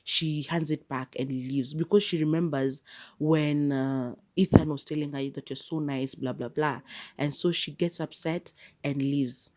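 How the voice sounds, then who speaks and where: A woman hosting a podcast, retelling a movie plot in a chatty, animated way. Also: sits low, a little slow. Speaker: podcast host. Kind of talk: casual movie review.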